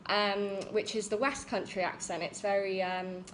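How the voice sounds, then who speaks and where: A young woman with a standard southern English accent, a guest teacher chatting in a live-stream interview, pausing often on "um". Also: mid-range voice, steady tone, a bit bright, a little hiss or hum, low-quality recording. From England. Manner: chatty, with many "um" pauses.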